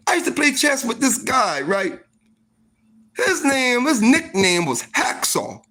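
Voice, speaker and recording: Animated man telling a story. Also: extremely high pitch, measured pace. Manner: animated, profane, full of "like" and "you know". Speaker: storytime vlogger. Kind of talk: casual storytelling monologue.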